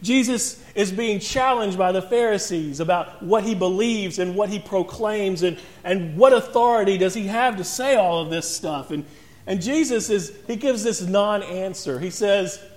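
High-voiced male pastor preaching in a church hall. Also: a little slow, darkish tone. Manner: storytelling, acts out voices in parables. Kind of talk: sermon. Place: church sanctuary. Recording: church sanctuary with long reverb.

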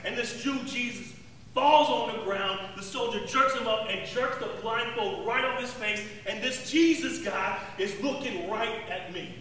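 A man playing a rough, remorseful zealot in a dramatic first-person monologue, talking in an emphatic, street-tough way and repeating words. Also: very high voice, a little slow, a bit bright, slight background noise. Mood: intense. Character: rough, remorseful male zealot recalling the crucifixion. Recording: echoey hall, distant mic, faint ambience.

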